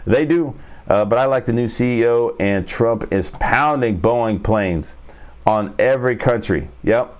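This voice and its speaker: A man's voice: mid-range voice, unhurried. A man hosting a casual trading stream, rambling and joking as he talks viewers through stock charts. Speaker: trading coach and stream host. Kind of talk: casual market commentary.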